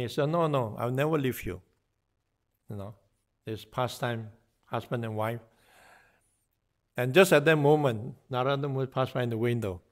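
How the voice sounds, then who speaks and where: A guest speaker gives a morning class, telling devotional stories in a medium-pitched voice. His lecture is full of acted-out dialogue, with frequent fillers and restarts.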